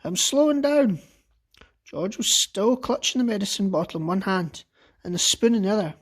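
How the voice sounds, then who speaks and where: A man teacher reading a children's book aloud with expressive, lively storytelling. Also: sits high, a little fast, husky.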